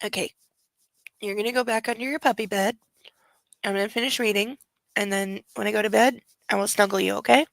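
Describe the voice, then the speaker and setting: A woman's voice: mid-range voice, fairly even intonation, brisk, creaky, long pauses, dry recording, rough recording. A woman hosting a casual late-night livestream from home, cooing baby talk to her dog and swearing freely. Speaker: livestream host.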